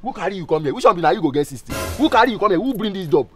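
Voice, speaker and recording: A man plays a loud, excitable street hustler with a Nigerian Pidgin accent. His voice sits high and swings widely, and he fires off lines at a quick clip. Music plays behind him. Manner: excitable, shouty, accusing. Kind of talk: comedy skit acting. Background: background music.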